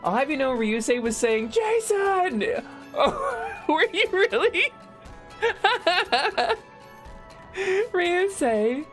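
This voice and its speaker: A young woman streaming a video game, chatting casually with her viewers, joking around and yelling playful bits. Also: high-pitched, very slow, long pauses, soft background music. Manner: animated, joking, shouts bits and laughs often.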